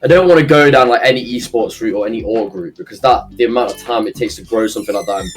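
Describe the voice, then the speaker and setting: A man's voice: fairly low pitch, very fast, faint music behind. A man from Nottingham with an English Midlands accent, a guest in a casual streamed chat, talking loosely with lots of fillers. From Nottingham, England. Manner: chatty, many fillers like "like" and "you know".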